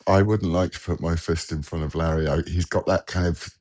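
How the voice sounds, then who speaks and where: A man's voice: deep voice, steady tone, a little fast, a little mellow. An English man with a British accent, co-hosting a podcast over a video call in a joking, self-deprecating, bantering way. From England. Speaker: podcast co-host. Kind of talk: casual chat on a video call.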